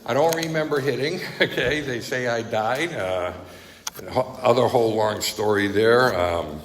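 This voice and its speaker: The setting is an echoey hall with faint noise, where a man at a recovery meeting bluntly and conversationally tells his story. His medium-pitched voice keeps a measured pace, and he frequently checks in with "right?" and "okay?".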